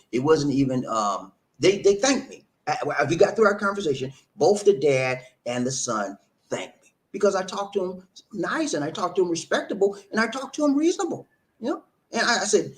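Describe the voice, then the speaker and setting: A man hosts a live stream and tells his viewers a story in a relaxed, chatty way. His pitch swings widely as he gets into it. He stumbles over and repeats words, then acts out what each person said. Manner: animated, repeats words, acts out quoted dialogue. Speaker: live-stream host reading viewer comments.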